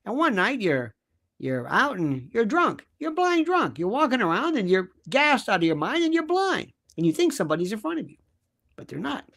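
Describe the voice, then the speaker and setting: A man's voice: sits high, sing-song, normal speed, gravelly, fairly bright tone. A man speaking as a guest commentator, arguing emphatically with rhetorical questions and acting out quoted voices. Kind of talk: animated conversational argument.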